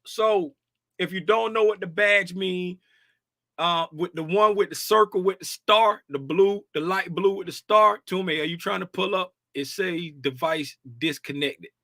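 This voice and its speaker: A man hosts a casual livestream, chatty and repetitive, drawling along. His voice sits high and bright. The sound is close and dry. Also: measured pace, dry recording. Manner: chatty, repetitive, drawling, sing-song asides. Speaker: livestream host.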